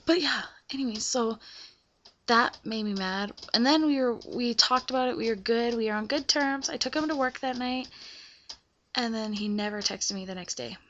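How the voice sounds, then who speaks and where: A woman's voice: fairly high pitch, moderate pace, fairly bright tone, lo-fi sound, a little hiss or hum. A young woman vlogging casually about a breakup, chatty and full of fillers, often asking the listener "right?". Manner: chatty, filler-heavy, keeps checking in with the listener. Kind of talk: casual confessional storytelling.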